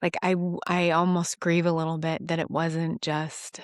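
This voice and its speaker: A woman's voice: low-pitched, flat delivery, no room sound, studio quality. Earnest, self-mocking woman sharing testimony. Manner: earnest, rambling, self-deprecating, laughs often; halting restarts when emotional. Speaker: Christian devotional vlogger. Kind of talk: personal faith testimony.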